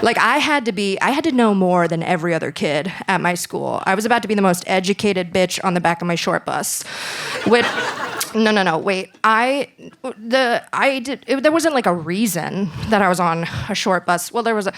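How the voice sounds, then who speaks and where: A young woman performing a stand-up set on a club stage, dry and deadpan with bursts of laughter. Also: medium pitch, moderate pace. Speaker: stand-up comedian.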